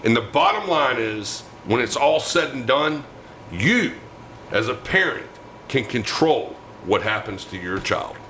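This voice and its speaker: A man's voice: medium pitch, expressive, unhurried, pushed and bright, a little hiss or hum, poor audio. A man co-hosting a political talk show, delivering angry, emphatic rants.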